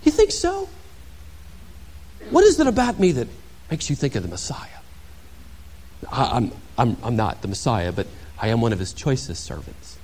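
A man acting out a coy, falsely modest male prophet in a hushed, mock-humble voice during a sermon. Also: medium pitch, wildly swooping pitch, moderate pace, long pauses.

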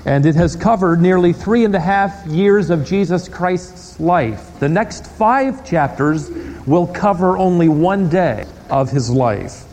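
A male pastor preaching a sermon in a church, telling stories with animated delivery and rhetorical questions. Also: high voice. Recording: long hall reverb.

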